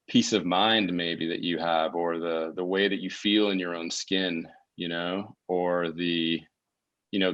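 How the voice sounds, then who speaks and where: A man's voice: sits low, a bit bright, lo-fi sound. A man talking as a podcast guest, thinking aloud in a casual way, restarting his sentences often as he searches for words. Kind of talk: casual conversational interview. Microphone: remote call mic.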